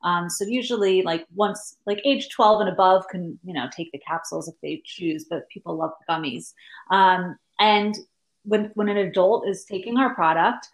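A woman's voice: fairly low pitch, moderate pace. Chatty woman guest explaining. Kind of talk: casual interview chat.

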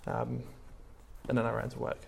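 A young man from England preaches in a relaxed, conversational way, scattering fillers through his stories. His voice has a gravelly edge, sitting at a middle pitch. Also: moderate pace. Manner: chatty, many "like" and "um" fillers, storytelling. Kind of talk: casual sermon talk.

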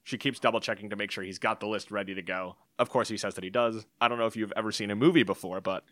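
Wry bright-voiced man in a film chat. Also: fairly low pitch, steady tone, no echo. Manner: wry, quick with jokes, recounts scenes. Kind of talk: casual film discussion.

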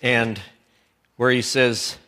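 A man's voice: mid-range voice, little pitch movement, drawn-out words, pushed and bright. A man preaching a sermon with fervor, restarting phrases and breaking into exclamations. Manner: fervent, with repeated restarts and exclamations.

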